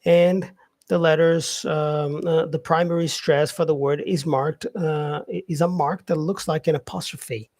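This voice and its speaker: A man with a slightly raised, husky voice gives a loose spoken English lesson. He leans on "yeah" and "um" fillers and drags out example words. The sound is dry and close, with no room echo. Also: a little high, fairly even intonation, darkish tone. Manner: unscripted, many fillers and "yeah" tags, repeats words slowly as examples. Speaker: English teacher.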